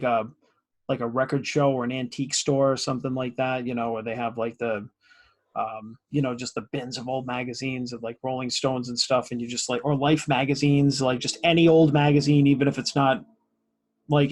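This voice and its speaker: A man co-hosting a podcast in casual chat, rambling with lots of fillers on a home studio mic. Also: medium pitch. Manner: rambling, many fillers and laughs. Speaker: podcast co-host. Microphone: home studio condenser mic.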